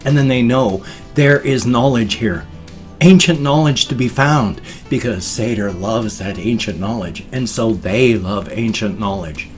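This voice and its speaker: A man's voice: medium pitch, expressive, a little slow, faint music behind. A man in his fifties, vlogging in a rambling, playful way and dropping silly sound effects into his talk. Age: 50s. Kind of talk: casual vlog monologue.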